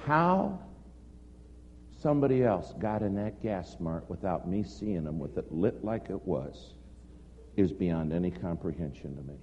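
A man with a deep, expressive and somewhat mellow voice speaks a little slowly as he dramatically narrates a story in a sermon from the pulpit. The sound is lo-fi and dull, with the echo of a hall and faint noise.

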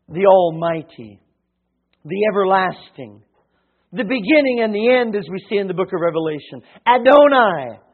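A man preaching a sermon in church, swinging between hushed and emphatic delivery with frequent hesitations. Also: high-pitched. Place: church sanctuary. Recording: tinny phone-like sound.

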